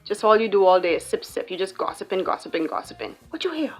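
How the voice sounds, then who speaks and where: A woman's voice: fairly low pitch, quick pace, faint music behind. A young woman with a Bahamian accent, explaining slang in a playful, joking vlog. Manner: playful, joking, animated storytelling. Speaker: YouTuber.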